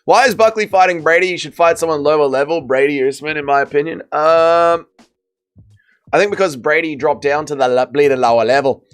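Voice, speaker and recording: A man's voice: a little high, fairly quick, clean tone. A man hosting a casual livestream, reading chat and commentating fights with blunt, profane banter. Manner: blunt, swearing, excitable banter. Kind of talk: casual watch-party commentary.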